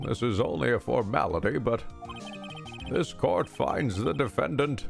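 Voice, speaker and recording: Man voicing an elderly formal judge, gravelly and slow-spoken, over faint music. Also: mid-range voice, expressive. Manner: slow, stately court pronouncements. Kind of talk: reading game dialogue aloud.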